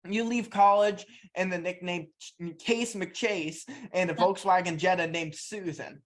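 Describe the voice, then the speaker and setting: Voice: mid-range voice, fairly even intonation, a little slow. A podcast host and interviewer who reads out a prepared biography of the guest and then asks questions.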